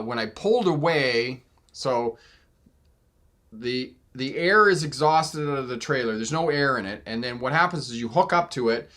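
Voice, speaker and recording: A man's voice: medium pitch, sharp tone. A man hosting a casual live Q&A as a driving instructor, chatting with viewers, laughing often and acting out exchanges in different voices. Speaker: driving instructor and channel host.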